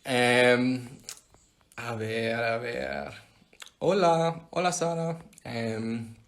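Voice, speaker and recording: A livestream host from Scotland answers fan questions from his phone, keeping things casual and playful as he reads out what viewers ask. He speaks at a medium pitch, with a slightly bright quality.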